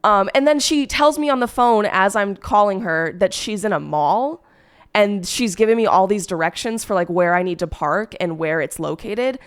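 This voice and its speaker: A woman's voice: medium pitch, normal speed, smooth. A woman streamer who is sick, telling a story in a rambling, exasperated way with lots of fillers. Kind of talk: casual storytime chat.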